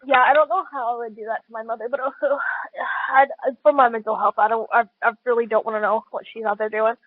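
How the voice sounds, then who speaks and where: A woman's voice: on the high side, fairly even intonation, fast talker, no room sound, narrow, tinny audio. A woman co-hosting a casual book podcast, talking bluntly and swearing freely. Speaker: podcast co-host.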